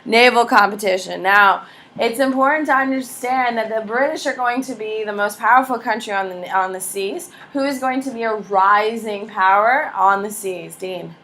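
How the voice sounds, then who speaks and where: Bright-voiced lady teacher, kinda high, joking around w/ the class, roomy far-off sound. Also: normal speed, a little hiss or hum. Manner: lively, casual, jokey, quizzes students by name. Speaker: history teacher. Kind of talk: classroom lecture. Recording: echoey classroom from far off with faint ambience.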